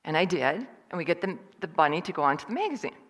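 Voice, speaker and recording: Low-voiced woman telling a story in a hall. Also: fast talker. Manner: lively storyteller who acts out other people's lines. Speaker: guest speaker at a church service. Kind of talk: personal storytelling talk. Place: church hall.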